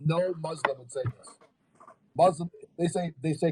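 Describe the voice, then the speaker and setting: A man's voice: high-pitched, fast talker, mellow, slight background noise, rough recording. A man on a livestream, arguing heatedly and rebutting comments he reads aloud.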